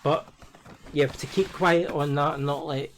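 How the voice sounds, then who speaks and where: Teasing Scottish man, slightly high voice. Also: steady tone, normal speed, a little hiss or hum. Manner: teasing, playful banter. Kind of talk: casual chat.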